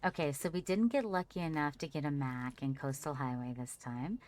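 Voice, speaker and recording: A woman with a notably deep, low voice, talking casually through a live gameplay stream. She chats easily with viewers and calls her character "darling" as she goes. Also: fairly quick, darkish tone. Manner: chatty, talks to her character and chat fondly. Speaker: livestreamer.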